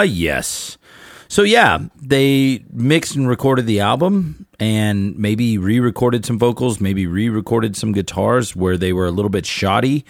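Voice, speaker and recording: A man's voice: fairly low pitch, creaky, fairly bright tone, dry recording, clean studio sound. A middle-aged man hosting a show, rambling through stories in a casual monologue and turning blunt and heated as he preaches to fellow musicians. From Southern California. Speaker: podcast host and musician.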